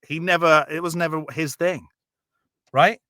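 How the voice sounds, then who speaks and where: A man telling a Bible story as a rambling, profane, jokey comedy podcast bit, slipping into quick character voices. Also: on the high side, steady tone, pushed and bright, dry recording, clean studio sound.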